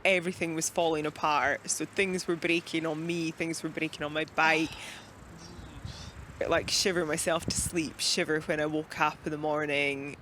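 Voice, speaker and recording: A woman's voice: low-pitched, level tone, normal speed, fairly bright tone, a little hiss or hum, poor audio. A Scottish woman, an endurance cyclist, speaking in a candid, chatty video diary and reflective narration, sometimes dropping to a whisper and laughing often. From Scotland.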